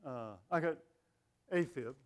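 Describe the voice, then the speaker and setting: An older man preaching a sermon with an animated, self-deprecating sense of humor, often laughing at himself. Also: medium pitch, slow. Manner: lively, animated delivery.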